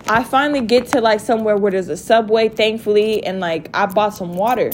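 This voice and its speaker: A young woman telling a story to her viewers in a casual rant, profane and animated. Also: medium pitch, fairly quick, slight background noise. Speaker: vlogger.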